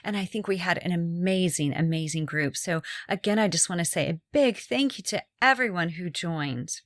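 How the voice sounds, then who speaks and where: A woman's voice: fairly low pitch, expressive, moderate pace, no echo, clean studio sound. A middle-aged woman hosting a podcast, talking casually and chattily with frequent fillers and restarts. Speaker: podcast host.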